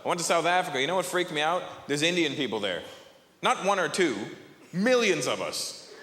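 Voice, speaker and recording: A man performing a stand-up comedy set, animated and jumping between characters' voices. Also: a little high, a little fast. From Canada. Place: large theater on stage. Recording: live hall reverb with audience.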